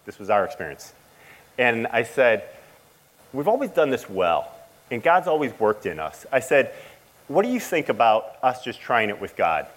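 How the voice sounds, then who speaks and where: A middle-aged man sharing an emotional personal testimony as a father, speaking haltingly with frequent restarts. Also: medium pitch, very animated, poor audio. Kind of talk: personal testimony to a church audience.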